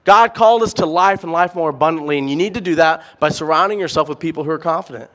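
A young man preaching a sermon, animated and emphatic, firing off rhetorical questions and repeating words. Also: a little high, fast talker.

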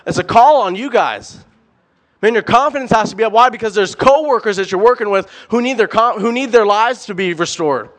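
A young man preaching a sermon, animated and emphatic, firing off rhetorical questions and repeating words. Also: sits high.

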